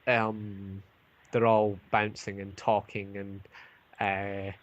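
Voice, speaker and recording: A man's voice: fairly low pitch, level tone, takes it slowly, highs cut off. A man narrating an online tabletop game as game master, hesitant, with many ums and restarts.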